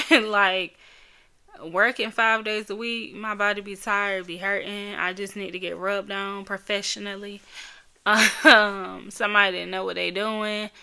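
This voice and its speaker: A woman's voice: medium pitch, flat delivery, unhurried, creaky, sharp tone, smooth. A woman hosting her own podcast, chatting casually and candidly, rambling a little and laughing often. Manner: emotional, candid storytelling. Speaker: podcast host. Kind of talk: casual solo podcast chat.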